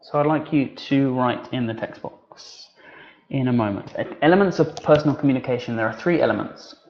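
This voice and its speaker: A man leads an online teacher-training session, talking in a loose, conversational way. He fills his pauses and restarts his sentences as he goes. His voice sits at an ordinary middle pitch, and the webinar audio comes through a little dull. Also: vocal fry. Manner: relaxed, conversational, with many fillers and restarts.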